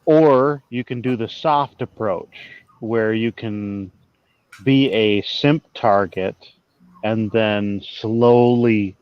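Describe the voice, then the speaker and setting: A man in a casual podcast chat who talks in a halting way and repeats words. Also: fairly low pitch, clear, resonant tone, no room sound. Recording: dull lo-fi audio.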